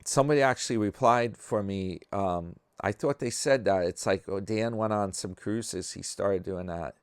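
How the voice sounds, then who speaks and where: Low, smooth-voiced chatty man. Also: normal speed, no echo, clean studio sound. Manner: chatty, wry, reads comments aloud. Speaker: vlog host reading viewer comments. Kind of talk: casual chat.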